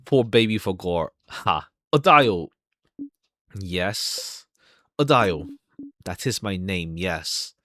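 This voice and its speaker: A man reading the lines of a cool, dry woman researcher in a video game, voicing her low and quiet. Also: expressive, slow pace, pauses often, no room sound, heavily acted.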